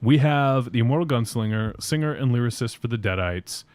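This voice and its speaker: Laughing, animated podcast host, man. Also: mid-range voice, brisk, no room sound. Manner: laughs often, loose and joking, fillers like uh. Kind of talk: casual chat.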